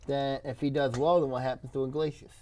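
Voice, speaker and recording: A man's voice: mid-range voice, flat delivery, a little fast, a little mellow. A man arguing about baseball in a casual talk show, rambling with fillers. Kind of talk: casual sports debate.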